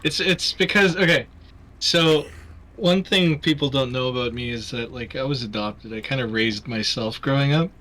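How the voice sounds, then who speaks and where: Young man, faint Canadian accent, bright tone, rambling casual livestream chat, lots of fillers. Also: mid-range voice, moderate pace, slight background noise. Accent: Canadian, mostly Americanized. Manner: rambling, frequent fillers and restarts. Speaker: livestream host.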